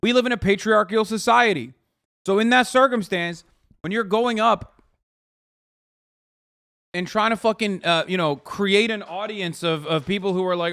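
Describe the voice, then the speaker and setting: A male streamer in his thirties rants at his live chat, heated and full of profanity. His voice sits a bit high for a man, and he keeps mocking his critics in exaggerated put-on voices. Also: moderate pace, fairly bright tone. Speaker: streamer host. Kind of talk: casual political rant to chat.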